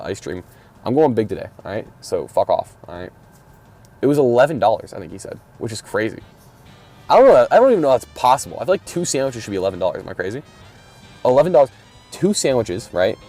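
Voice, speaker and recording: Brief: low-voiced guy, rambling, mumbly, swearing, talking from his car. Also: very animated, fast talker, mellow, soft background music. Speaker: podcast host. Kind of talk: casual solo chat while driving.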